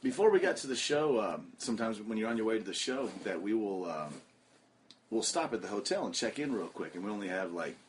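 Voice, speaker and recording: A man hosting a casual podcast, telling profane, animated stories and putting on loud voices for the people in them. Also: on the low side, brisk, slight background noise. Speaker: podcast host. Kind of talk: casual chat.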